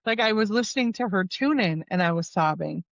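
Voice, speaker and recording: Female podcast guest, candid and self-deprecating, mid pitch, slightly lo-fi audio. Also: expressive, a little fast, vocal fry, dry recording. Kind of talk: casual podcast conversation.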